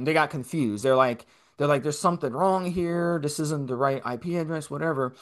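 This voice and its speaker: A man's voice: a little high, fairly bright tone. A man in his forties telling a rambling, profane story in casual podcast chat. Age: 40s. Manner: profane, rambling, repeats himself. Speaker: podcast co-host.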